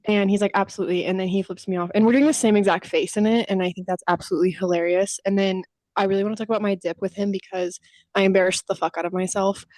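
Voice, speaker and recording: A young woman co-hosts a casual podcast, rattling through stories and slipping into quick impressions of what people said. She swears freely and keeps it loose. Her mid-range voice sits close and dry, with no room sound. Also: medium pitch, steady tone, darkish tone, no room sound. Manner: chatty storytelling, casual swearing, acts out quotes. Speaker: podcast co-host. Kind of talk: casual chat.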